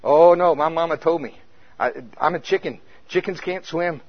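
A man's voice: fairly high pitch, moderate pace, natural voice. A man voicing a timid young chicken, really a duck, who stammers and holds back. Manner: hesitant, stammering. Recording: muffled lo-fi recording.

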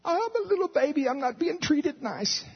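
A man putting on the voice of a whiny, self-pitying believer who begs God for help in a high, pleading, childlike whine. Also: sing-song, moderate pace, in a large hall, heavily acted. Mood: whining. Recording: dull lo-fi recording.

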